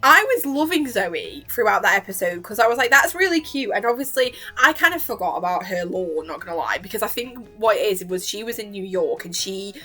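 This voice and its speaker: A young woman vlogger chatting excitedly in a gushing, giggly way and acting out quotes. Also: mid-range voice, brisk, few pauses, faint music behind. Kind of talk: excited reaction chat.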